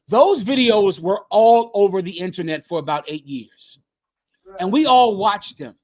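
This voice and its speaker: A man's voice: sits high, expressive, a little slow. Fiery man preaching with repeated phrases. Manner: emphatic, repeats phrases, swings from loud to hushed. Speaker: group leader teaching scripture. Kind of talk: fiery street-style preaching.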